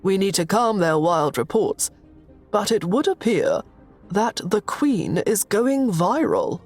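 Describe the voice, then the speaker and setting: A woman's voice: mid-range voice, sing-song, slow, darkish tone, faint music behind. A woman voicing a courteous male palace butler who speaks formally and apologetically. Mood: worried.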